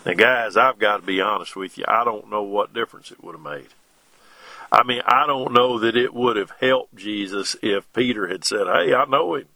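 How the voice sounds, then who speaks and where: A middle-aged man, preaching a sermon in a slow, folksy way with homespun asides between scripture readings. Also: on the low side, sharp tone, no room sound.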